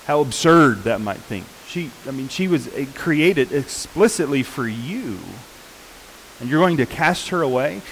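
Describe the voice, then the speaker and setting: A man preaching a sermon in an unhurried, earnest way, often pausing with fillers and restarting his sentences. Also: mid-range voice, animated, fairly bright tone, slight background noise, rough recording.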